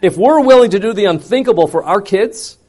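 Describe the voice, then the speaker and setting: A man preaching, telling a personal story in an animated way with wide swings between loud and quiet. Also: high-pitched, a little fast. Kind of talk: sermon storytelling.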